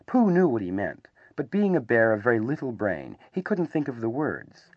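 A man reading a children's storybook aloud as narrator, in an animated, expressive way. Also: medium pitch, normal speed, no echo, muffled recording.

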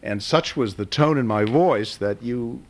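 A middle-aged man and father, slowly recounting a hard family memory with hesitant pauses and emotion. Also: mid-range voice. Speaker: father of the patient. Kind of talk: personal storytelling.

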